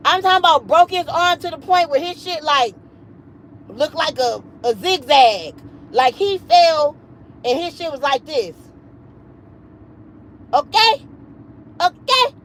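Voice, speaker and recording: A high-voiced woman in her late thirties tells a livestream story with animated, profane emphasis. She hammers her points home and keeps piling on the cussing. Faint background noise sits under her voice. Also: takes it slowly, long pauses, low-quality recording. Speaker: livestream host.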